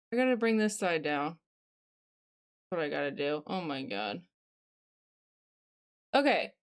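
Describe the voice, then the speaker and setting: A woman streaming live, chatting casually and talking straight to her viewers at a home desk microphone. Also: mid-range voice. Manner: chatty, talks straight to viewers, reacts to chat.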